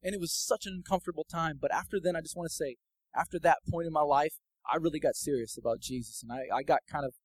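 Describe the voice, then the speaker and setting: A man giving a casual, personal sermon testimony that builds into fervent, loud preaching. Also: on the high side, fast, no echo, rough recording.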